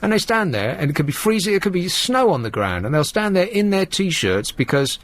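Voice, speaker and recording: A man's voice: sits high, sing-song, fairly quick. Sardonic male radio host. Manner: dry, sardonic and mock-outraged. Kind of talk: late-night talk radio banter. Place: radio studio. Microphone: studio microphone.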